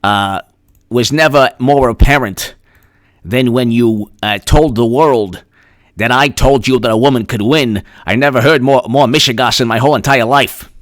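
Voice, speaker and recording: A man's voice: mid-range voice, moderate pace, dry recording, studio quality, close to an everyday voice. A man doing a crooning, lovesick old senator. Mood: swooning.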